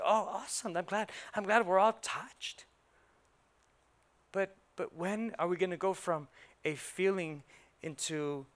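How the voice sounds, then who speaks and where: A male pastor with a high, bright voice preaches to his church. He is playful and animated, slipping into quick impressions of churchgoers. His delivery is forceful and lively. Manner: animated, playful, acts out congregation reactions. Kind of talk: sermon. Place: church sanctuary.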